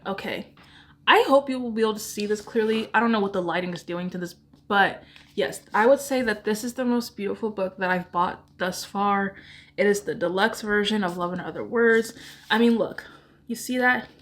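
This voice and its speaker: A woman talks casually into a camera indoors, chatting as a book vlogger. She rambles, giggles and pokes fun at herself. Her voice sits at an ordinary middle pitch. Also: fairly bright tone. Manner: rambling, self-deprecating, giggly. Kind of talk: casual chat.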